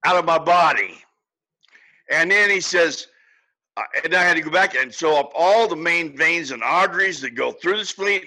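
A man's voice: a little high, sharp tone, rough recording. An older man, a podcast guest, telling a long personal story in a folksy, casual way with chuckles.

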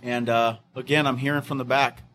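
A man's voice: mid-range voice, flat delivery, fairly quick, fairly bright tone, slight background noise. A middle-aged man, a fire captain, recounting an evacuation with many fillers and restarts, sometimes acting out the voices of others. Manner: acts out quoted voices of others.

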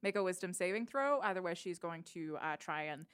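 A woman running a tabletop game as game master, narrating in a relaxed, unhurried way. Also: fairly low pitch, smooth.

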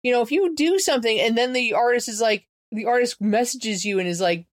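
A woman co-hosting a podcast in casual chat, talkative and lively, with many "you know" fillers. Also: on the high side, brisk, few pauses, no echo, studio quality.

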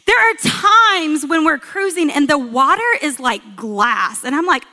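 A woman in her thirties preaches with a high, bright voice that stands out clearly. She tells stories with a lot of expression and pushes her voice up when she wants to stress a point. Her voice rings out with the long reverb of a large hall. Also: normal speed, hardly any pauses. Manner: storytelling, expressive, rising for emphasis. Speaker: guest speaker. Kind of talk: sermon.

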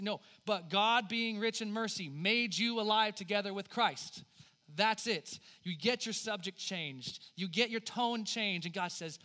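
A man in his thirties preaching a sermon as pastor, swinging from forceful emphasis to hushed, near-whispered lines. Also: a little high. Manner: dynamic preaching, dropping to hushed near-whispers for God's words.

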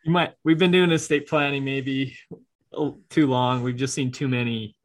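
A man co-hosting a relaxed podcast chat about estate planning. He walks through how trusts and wills work in plain, easygoing terms, and laughs easily. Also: mid-range voice, moderate pace. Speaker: estate planning attorney co-host. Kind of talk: casual podcast conversation.

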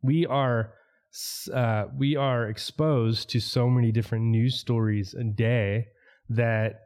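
A man in a casual discussion, speaking in a relaxed, halting way with many pauses. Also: medium pitch, clean tone.

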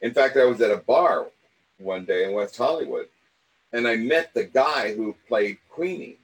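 An older man telling a rambling personal story in a casual, animated way. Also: mid-range voice, moderate pace, poor audio. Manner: rambling, animated, acts out quoted voices.

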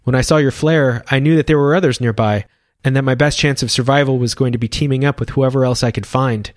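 A man's voice: medium pitch, fairly even intonation, fast talker, dry recording, studio quality, lightly acted. A man voicing a cheerful, brave young boy who tells his story eagerly.

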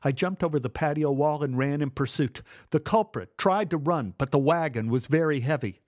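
A man telling a first-person memoir story in a measured, dramatic way. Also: fairly high pitch, a little mellow, no echo, studio quality. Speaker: narrator.

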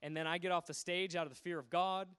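A man preaching, telling stories with animated swings between hushed asides and loud bursts. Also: sits high, quick pace, smooth. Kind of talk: sermon storytelling.

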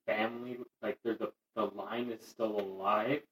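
A young man with a low voice chats casually. He is blunt and cuts in with short, matter-of-fact corrections. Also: fairly even intonation, crowd noise, low-quality recording. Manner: blunt, quick interjections. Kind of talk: casual chat.

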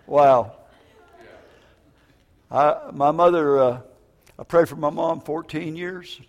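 High-voiced older man preaching in a hall. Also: extremely slow, long pauses. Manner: animated, jokey storytelling with stammered restarts. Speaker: prison minister. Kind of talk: preaching a sermon. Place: church. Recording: reverberant church hall.

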